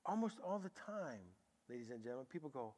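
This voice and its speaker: A man preaching a sermon as a pastor, telling stories with sudden loud bursts and hushed, quiet stretches. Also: medium pitch, brisk. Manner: animated storytelling, swinging from loud bursts to hushed tones. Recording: long hall reverb.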